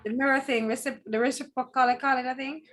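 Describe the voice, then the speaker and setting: A woman student answers her teacher in a fairly high voice. She speaks politely and keeps addressing him as sir. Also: fairly even intonation, fast talker, fairly bright tone, slight background noise. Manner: polite, says sir often.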